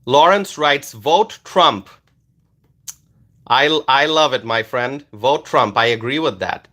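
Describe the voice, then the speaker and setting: A man from Bangladesh, hosting a casual livestream and reading viewer comments aloud, animated and loud at times. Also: mid-range voice, takes it slowly. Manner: animated, loud at times, with many fillers and repeated words. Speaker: livestream host reading chat.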